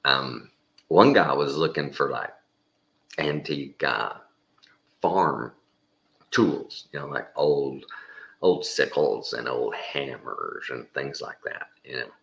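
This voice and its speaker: A man spins a loose, folksy yarn with easy cussing and plenty of tangents. His voice sits extremely low and rumbles with a gravelly fry. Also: takes it slowly, pauses often, a bit bright, lo-fi sound. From Texas. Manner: folksy, rambling, casual swearing, acts out quoted voices. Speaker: storyteller. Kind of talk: casual spoken anecdote.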